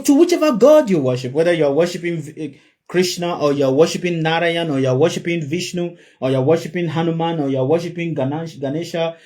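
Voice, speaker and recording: A man's voice: fairly high pitch, mellow. A man giving an emphatic spiritual sermon to a live audience, repeating his key phrases for effect. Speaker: spiritual teacher.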